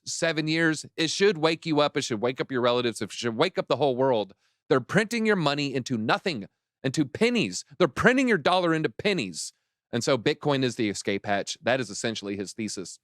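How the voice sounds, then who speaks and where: A man's voice: medium pitch, a bit bright, no echo, clean studio sound. A man hosting a crypto livestream, ranting and mocking as he comments on news. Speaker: crypto show host.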